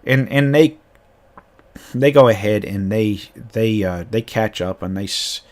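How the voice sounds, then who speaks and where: A man's voice: fairly low pitch, unhurried. A man game master casually retelling a tabletop campaign, rambling with frequent restarts.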